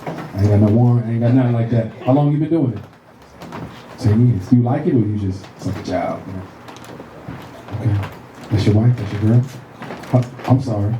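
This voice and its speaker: A middle-aged man doing stand-up comedy, telling animated profane stories and working the crowd on a club stage. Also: fairly low pitch, brisk, long pauses, lo-fi sound, background noise. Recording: roomy club with audience laughter.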